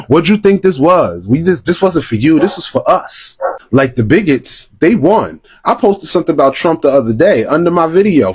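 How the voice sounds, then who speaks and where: A man's voice: medium pitch, husky. A young man scolding and mocking in a reaction rant. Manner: mocking, scolding, addresses viewers directly. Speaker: social media commentator. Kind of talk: ranting reaction video.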